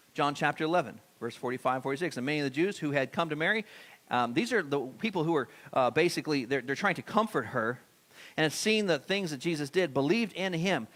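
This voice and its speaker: Male pastor, middle-aged, casual sermon delivery in a church with questions to the room, voice on the high side. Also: animated, brisk, fairly bright tone. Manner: conversational preaching, questions to the congregation. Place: church sanctuary.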